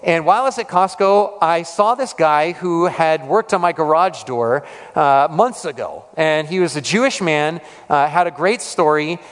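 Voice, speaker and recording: High-voiced man preaching in reverberant hall. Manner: conversational, lots of fillers and restarts. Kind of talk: sermon story. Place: church hall.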